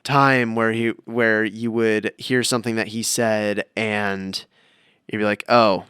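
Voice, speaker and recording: A man's voice: on the low side, little pitch movement, takes it slowly, a bit bright, clean tone, dry recording, clean studio sound. A man co-hosting a podcast, chatting casually and wandering off into tangents as he tells stories. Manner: rambling, tangent-prone storytelling. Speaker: podcast co-host. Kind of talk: casual chat.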